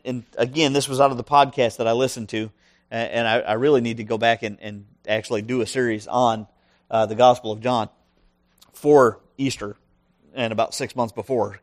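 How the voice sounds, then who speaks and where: A man preaching a sermon who reads a scripture passage aloud and then explains it, stressing his points and checking in with the listeners. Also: medium pitch. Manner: emphatic, asks the listeners questions.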